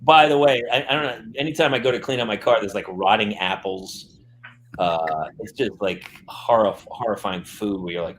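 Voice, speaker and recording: A fairly low-pitched middle-aged man, the host of a podcast, chats casually and tells stories at a moderate pace. He laughs often and brings quotes to life as an animated storyteller, with slight background noise present.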